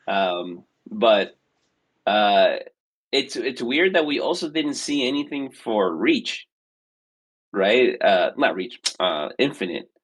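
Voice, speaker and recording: A man with a fairly low voice co-hosts a casual podcast. He speaks hesitantly and fills his pauses with ums and uhs, and he is on a remote call. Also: sing-song, a bit bright, husky, rough recording. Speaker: podcast co-host.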